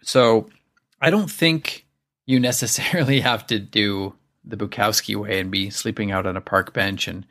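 Low-voiced man hosting a reflective podcast. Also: moderate pace, a bit bright. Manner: reflective, earnest, conversational. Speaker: podcast host. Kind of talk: solo podcast monologue.

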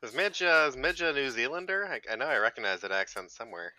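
A man's voice: mid-range voice, animated, pushed and bright, rough recording. A man player in a tabletop game, joking around with the others. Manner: joking, quick to laugh.

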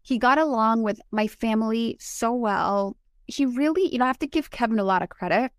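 Animated woman in her forties, dry sound. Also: fairly high pitch, brisk, dry recording. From Colombia. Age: 40s. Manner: animated storytelling, emotional. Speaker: podcast co-host. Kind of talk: casual chat.

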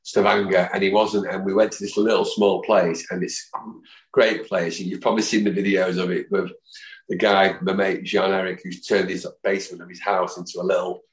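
A man in his fifties with a low, deep voice, spinning rambling anecdotes as a podcast guest. He jumps into the voices of the people in his stories. The room adds a noticeable echo. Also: level tone, fairly quick. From Manchester, England. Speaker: podcast guest, football fan. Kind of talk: anecdotal storytelling. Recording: roomy echo.

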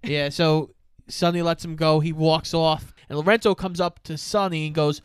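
A man with a fairly high, smooth voice retells a film's plot to his co-host in casual chat. He narrates step by step and drops into character voices for the quoted lines. The sound is dry and close. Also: fairly even intonation, normal speed, fairly bright tone, no room sound. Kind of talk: casual chat recapping a film.

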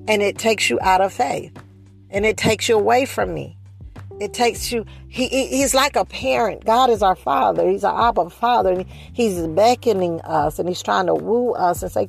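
A woman preaching a sermon, speeding up and slowing down, stressing and repeating her phrases. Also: mid-range voice, vocal fry, breathy edge, soft background music. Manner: preaching with shifting pace, rising emphasis and repeated phrases.

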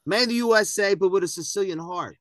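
A man's voice: sits high, fast, a bit bright, no room sound. Emphatic, pushy male co-host. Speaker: podcast co-host. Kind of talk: casual podcast chat.

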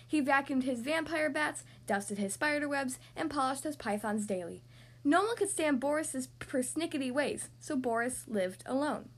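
A woman reading a children's picture book aloud in an expressive, sing-song way. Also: high-pitched, normal speed. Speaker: storyteller.

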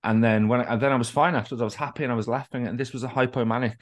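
A man's voice: medium pitch, fairly even intonation, racing. A man co-hosting a podcast, telling long candid stories with swearing, restarts and self-deprecating asides. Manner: candid, rambling, profane storytelling with restarts. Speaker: podcast co-host. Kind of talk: casual podcast chat.

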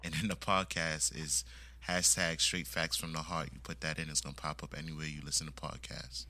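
A man's voice: rumbling low, little pitch movement, a little fast, pushed and bright. A man appearing as a podcast guest, chatting in a laid-back, slangy way. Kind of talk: casual podcast chat.

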